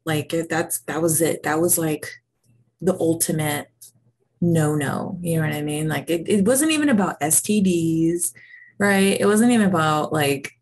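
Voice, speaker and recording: Candid woman with a lowish voice. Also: husky. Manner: candid, laughs often. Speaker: guest co-host. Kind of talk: casual chat. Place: home, on a video call.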